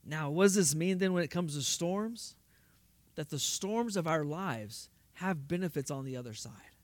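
High-voiced preacher with dry sound. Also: male voice, expressive, normal speed, no echo. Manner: rhetorical questions, rising to emphatic bursts. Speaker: pastor. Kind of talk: sermon.

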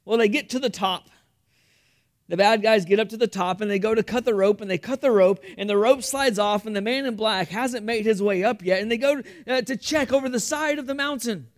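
Man, pastor, sermon, high voice, earnest, repeats words. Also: fairly quick. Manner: earnest storytelling with frequent repetitions. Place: church room.

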